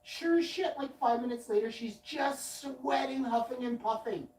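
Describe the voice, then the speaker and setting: A man's voice: extremely high pitch, normal speed, darkish tone. A man hosting a late-night livestream, telling a long anecdote in a loose, swearing, self-interrupting way. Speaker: livestream host. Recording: roomy and distant from the mic.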